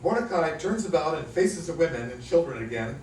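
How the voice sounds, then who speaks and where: A man narrating the stage directions of a play in a plain, measured reading. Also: a little high, animated, a little mellow, a little hiss or hum. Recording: echoey room, mic at a distance.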